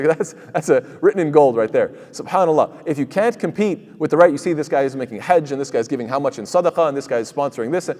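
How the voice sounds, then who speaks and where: A man teaching Quran commentary, speaking very fast and piling up fillers and restarts between rapid Arabic recitations. His voice rings out with a long reverb from the prayer hall. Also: a little high, mellow. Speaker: imam giving Quran commentary. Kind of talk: sermon-style tafsir lesson. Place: mosque hall.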